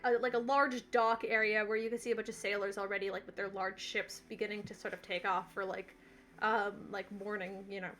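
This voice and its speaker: A woman's voice: mid-range voice, a bit bright, slight background noise. A woman game master narrating a tabletop game in a loose, casual way, full of fillers.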